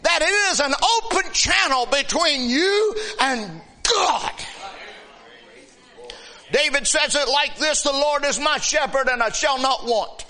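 A middle-aged man preaching an impassioned sermon, shouting out lines and then dropping to soft, slow speech. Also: very high-pitched.

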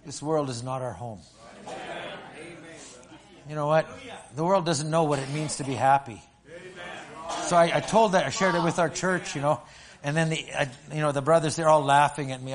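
Older man, pastor from Alberta, sermon, stammering restarts, slightly high voice. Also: fairly quick, crowd noise. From Alberta, Canada. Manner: stammering restarts, animated storytelling. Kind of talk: sermon with personal story.

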